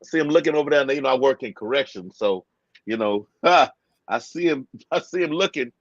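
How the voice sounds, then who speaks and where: A man hosting a casual podcast chat, telling a story in a relaxed way and laughing easily. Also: medium pitch, moderate pace, no room sound. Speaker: podcast host. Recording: dull dry lo-fi mic.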